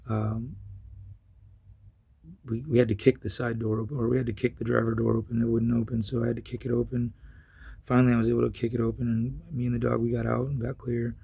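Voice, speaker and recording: A man speaking in a rough, gravelly voice with heavy fry, the tone deeply husky and worn. He recounts a personal story in a loose, rambling vlog manner, full of fillers and restarts. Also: warm tone. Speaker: vlogger. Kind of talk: casual storytelling.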